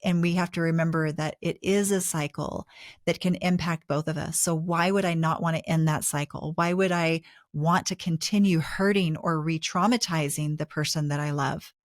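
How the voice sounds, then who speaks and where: Low-voiced woman explaining calmly. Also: no echo, clean studio sound. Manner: measured, explanatory. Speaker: podcast co-host. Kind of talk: relationship advice talk.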